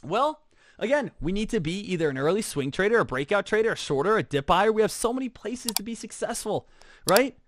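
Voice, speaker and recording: A trading instructor with a high, bright voice leads an energetic lesson, sprinkling in rhetorical "right?" and repeating "again". He briefly puts on quick voices for imaginary students. The recording is dry and close.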